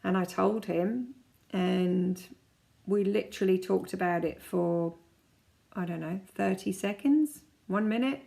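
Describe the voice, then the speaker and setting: A kinesiology practitioner in her forties, with a lowish, gravelly voice, chats informally while teaching self-help. She walks listeners through calming exercises one step at a time.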